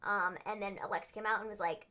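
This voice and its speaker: Bright, chatty young woman recapping wrestling. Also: mid-range voice, fairly even intonation, fast. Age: young adult. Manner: chatty, filler-heavy, acts out quotes in silly voices. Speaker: wrestling show co-host. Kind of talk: casual livestream recap chat.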